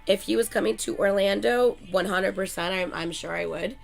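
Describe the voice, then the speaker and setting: Woman, gravelly fry, middle pitch, casual chat with viewers, excitable fan gushing, lots of "like". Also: moderate pace, faint music behind. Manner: excitable fan gushing, swears often, many "like"s. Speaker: channel host chatting with viewers.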